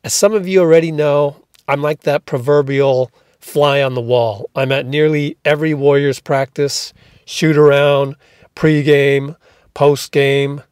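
A man's voice: a little high, steady tone, unhurried, darkish tone, clear, resonant tone, dry recording, studio quality. A man hosting a podcast intro in an upbeat radio voice, talking with punchy energy as a sports beat reporter. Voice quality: put-on radio voice. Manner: upbeat, punchy hype delivery.

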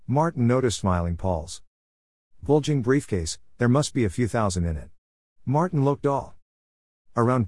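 A man's voice: on the low side, darkish tone, dry recording, studio quality. A man reading a comic story aloud as narrator, playfully voicing the characters' lines.

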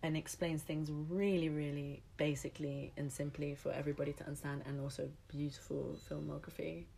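A woman's voice: deep voice, flat delivery, a little fast, vocal fry, warm tone, a little hiss or hum. A young woman from England talking animatedly as a podcast guest, laughing often and swearing casually. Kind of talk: casual chat.

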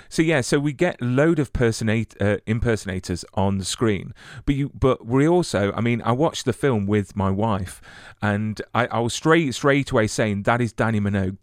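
Enthusiastic man interviewer, low dry voice. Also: no room sound. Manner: enthusiastic, rambling questions with restarts. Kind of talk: casual interview conversation.

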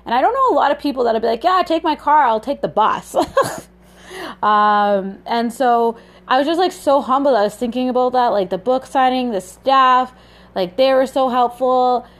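A woman's voice: sits high, lively intonation, moderate pace. Upbeat chatty woman podcaster. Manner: upbeat, chatty, many fillers. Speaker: podcast host. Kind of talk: motivational solo podcast.

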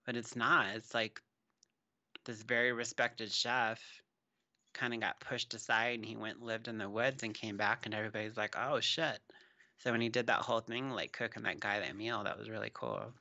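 A man's voice: on the low side, fairly even intonation, brisk, bright, forceful tone, dull audio. A man co-hosting a podcast in casual chat, rambling and trailing off into fillers. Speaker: podcast co-host.

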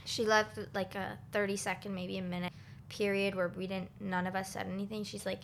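Bright-voiced woman in casual chat. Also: mid-range voice, level tone, fairly quick, creaky, a little hiss or hum. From Toronto area, Canada. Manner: chatty, emotional storytelling with many "like"s.

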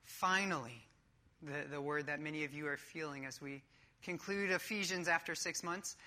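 A woman's voice: low-pitched, normal speed, bright, forceful tone. A woman preaching a sermon in a church, emphatic and coach-like with casual asides.

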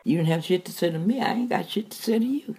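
A woman's voice: on the low side, animated, quick pace, noisy background. A woman talking bluntly and plainly, in a folksy way.

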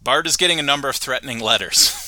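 A man's voice: mid-range voice, fast talker, bright, forceful tone, dry recording. A man hosting a podcast, recapping a cartoon episode in a chatty way and laughing often. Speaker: podcast host. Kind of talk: casual chat, recapping an episode.

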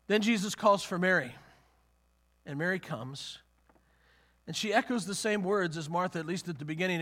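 A man's voice: high voice, normal speed, long pauses, fairly bright tone. A man preaching a sermon in a conversational way, often restarting phrases and acting out the words of the people in his story. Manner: conversational, repeats and restarts, acts out quotes.

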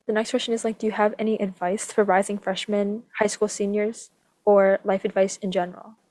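A young woman with a mid-pitched voice hosts a podcast in a relaxed, chatty way. Her voice sounds dry and close, with no room around it. She steers the talk with easy questions. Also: brisk, no echo. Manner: friendly, chatty, runs the segment with questions. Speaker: podcast host. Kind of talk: casual chat.

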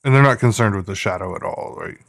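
A man's voice: fairly low pitch, fast. A man playing a tabletop horror game, speaking casually about his character and asking about dice rolls. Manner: casual, asks rule questions. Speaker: player.

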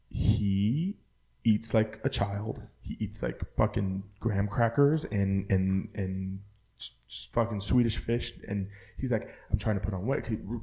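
A man's voice: on the low side, dark tone. A young man co-hosting a podcast, chatting casually, profane and rambling with lots of filler words. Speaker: podcast co-host. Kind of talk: casual chat.

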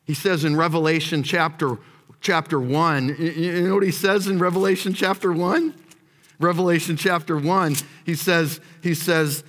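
A man preaching a sermon as pastor, moving between hushed prayer and shouted emphasis and repeating phrases as he builds. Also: fairly high pitch. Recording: long hall reverb.

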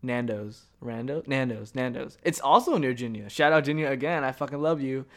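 A young man talks alone into his podcast mic, meandering from story to story. He swears freely and jokes at his own expense, with a voice of ordinary pitch for a man. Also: fairly quick, fairly bright tone. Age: young adult. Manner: rambling, profane, joking storytelling. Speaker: podcast host. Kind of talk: casual solo podcast monologue.

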